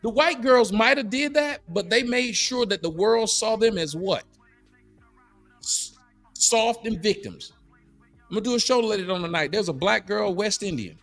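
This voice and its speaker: A middle-aged man hosting a podcast, arguing in a preachy, mocking, animated way. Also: sits high, moderate pace, vocal fry, faint music behind. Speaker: podcast host. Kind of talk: heated casual debate. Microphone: studio mic.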